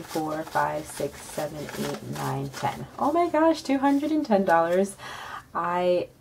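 A woman making a casual budgeting vlog, counting money softly under her breath and breaking into excited squeals. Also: low-pitched, rough recording. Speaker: budgeting vlogger. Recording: home recording with street noise behind. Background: passing bikes and street noise.

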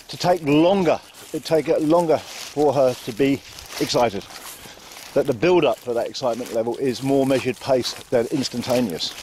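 A man talking calmly while walking his dogs outdoors and explaining how he trains them. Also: medium pitch, a little hiss or hum, low-quality recording. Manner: calm, repetitive, calls out to the dog. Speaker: dog trainer. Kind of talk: casual walking commentary. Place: outdoors in fields.

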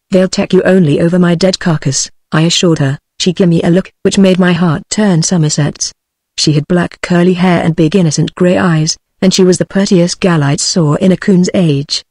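A text-to-speech woman's voice with a British accent, reading a western story aloud, the dialogue in the same even voice. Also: lowish voice, normal speed, breathy edge, dry recording. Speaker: narrator.

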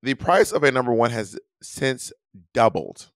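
A man's voice: mid-range voice, sing-song, a little slow, no echo, studio quality. A man co-hosting a podcast in casual chat, teasing and playfully argumentative. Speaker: podcast co-host.

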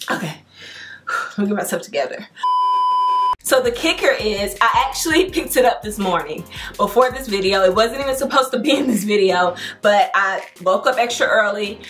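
Young adult woman, home decor vlogger, excited, chatty, slangy, mid-pitched voice, faint background music. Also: normal speed. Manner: excited, chatty and slangy, addresses viewers as y'all. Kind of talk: casual vlog storytelling to camera.

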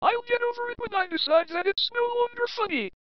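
A teasing, cocky young hedgehog hero from a fan-made cartoon, voiced by a woman. The voice sits very high and jumps around lively. The recording is dull and lo-fi. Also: fast talker. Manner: teasing, laughs at friends.

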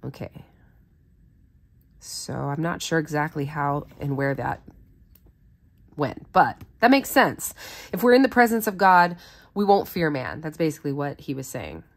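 Low-voiced woman teaching a Bible study. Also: big pitch swings, measured pace, vocal fry, long pauses. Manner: earnest, conversational, explains as she reads. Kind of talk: scripture reading with commentary.

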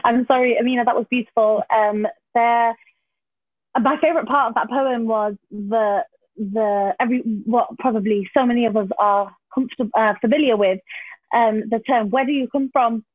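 A woman's voice: a little high, steady tone, normal speed, no room sound. A woman hosting a poetry event, effusive and gushing with praise, with plenty of fillers. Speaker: event host. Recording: dry, phone-like line.

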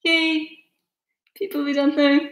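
A woman from Russia hosting a casual live-stream chat, excitable and teasing, laughing often. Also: high-pitched, unhurried, reverberant, poor audio. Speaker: host.

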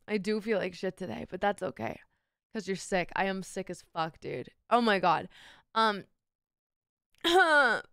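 A woman's voice: medium pitch, expressive, a little slow, pauses often, a bit bright, clear, resonant tone, big-room sound. Sick woman streamer, crude and playful. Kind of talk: casual live-stream chat.

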